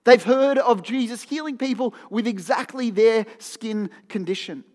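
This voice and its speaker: A man's voice: very high-pitched, moderate pace, darkish tone, big-room sound. A man giving a sermon in an earnest, conversational way, often repeating phrases for emphasis. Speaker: preacher.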